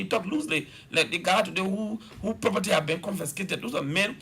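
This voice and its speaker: A man's voice: high voice, fast, gravelly, hardly any pauses, pushed and bright, breathy edge. A man with a Liberian accent, a government official making an emphatic, repetitive political argument as a talk-show guest.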